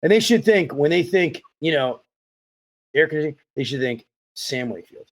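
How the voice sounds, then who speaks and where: A man hosting a podcast interview, telling stories in a rambling, animated way. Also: a little high, normal speed. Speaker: podcast host. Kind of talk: casual interview chat.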